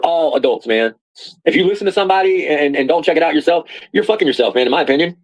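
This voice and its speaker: A man with a fairly high voice rants at a quick clip. He is rambling and foul-mouthed, and he restarts and repeats words as he goes. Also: lively intonation, low-quality recording. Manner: rambling and profane, repeats himself. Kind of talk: casual rant.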